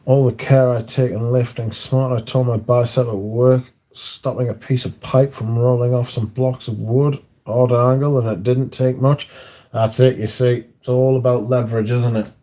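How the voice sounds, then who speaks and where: A man's voice: mid-range voice, level tone, moderate pace, dark tone. A man hosting a livestream, chatting casually with viewers and telling rambling anecdotes full of swearing and filler words. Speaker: livestream host.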